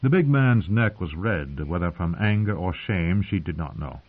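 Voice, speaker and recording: A man narrating an audiobook in a measured, calm reading, heard through narrow phone-like sound. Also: low voice, husky.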